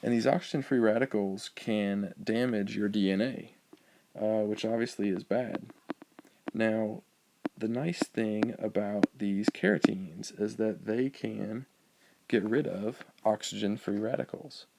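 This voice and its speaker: A male biology teacher giving a recorded lecture over slides, explaining in a relaxed way with frequent ums and uhs. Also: fairly low pitch, unhurried, vocal fry, background noise.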